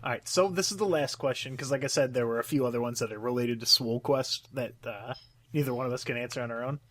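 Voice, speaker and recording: A man's voice: medium pitch, fast talker, fairly bright tone, dry recording. A young man hosting a podcast in casual chat, rambling and swearing freely. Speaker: podcast host.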